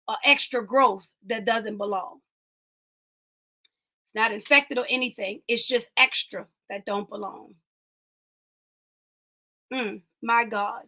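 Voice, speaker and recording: A woman's voice: high voice, sharp tone. A woman hosting an online inspirational talk, preaching with emphatic repetition and speaking directly to live viewers. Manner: emphatic, repeats lines, talks to live viewers. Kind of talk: preaching-style encouragement.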